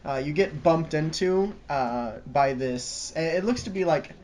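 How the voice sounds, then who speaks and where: A man's voice: on the high side, a little slow, a little mellow, a little hiss or hum. A young man narrating as game master of a tabletop game, rambling with lots of ums and hedging words. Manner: rambling, full of ums and sorta.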